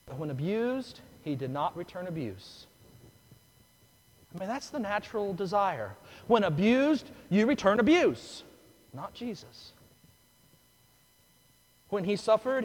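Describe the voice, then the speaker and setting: A male pastor delivering a sermon in a fairly high voice, dropping to a hush for earnest points and rising loudly when a story heats up. His voice rings with a long reverb tail from a large church. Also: slight background noise. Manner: storytelling with big swings from hushed to loud.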